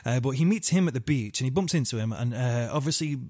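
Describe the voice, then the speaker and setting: A man's voice: mid-range voice, lively intonation, quick pace, darkish tone, dry recording, clean studio sound. A man hosting a true-crime podcast, telling the story in a loose, rambling way with lots of fillers and offhand swearing. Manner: rambling, full of fillers and asides, swears casually. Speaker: podcast host.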